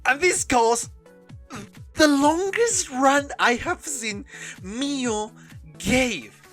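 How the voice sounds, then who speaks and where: A woman with a fairly high, very lively voice gives a casual reaction commentary at an unhurried pace. Her English has a non-native phrasing, and she keeps laughing as she talks over faint music. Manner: excitable, laughs often while talking. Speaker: anime reaction host.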